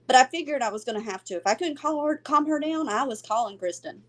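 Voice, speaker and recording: The speaker is a middle-aged woman whose voice sits high and moves at a quick pace. Co-hosting a podcast, she tells a family story in casual chat, animatedly acting out each person's voice and laughing often.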